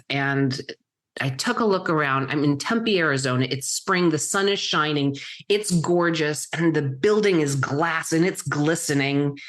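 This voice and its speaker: A middle-aged woman, a guest entrepreneur, telling her story in vivid present tense with dramatic pauses. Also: low voice, fairly bright tone. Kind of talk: storytelling interview answer.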